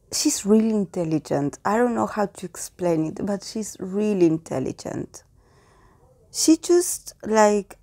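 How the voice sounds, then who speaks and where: Mellow-voiced woman giving a musing tarot reading. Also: on the low side. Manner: musing, hesitant, full of "like" and "I don't know why". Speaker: tarot reader. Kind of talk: casual tarot reading monologue.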